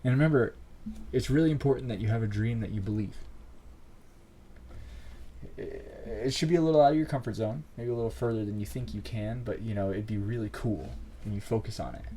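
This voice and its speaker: A man speaks in a mellow, unforced voice as he hosts his own podcast. He coaches listeners through a motivational monologue, repeating short phrases in an earnest, encouraging way. A faint hum of ambient noise sits under his voice. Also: on the low side, rough recording. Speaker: podcast host.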